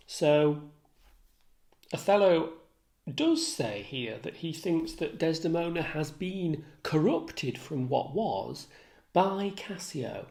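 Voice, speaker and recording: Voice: mid-range voice, expressive, slow, gravelly, a little mellow. A literature tutor explaining a play in an informal, thoughtful way, with fillers. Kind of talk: literature lesson, reading and analysing a play.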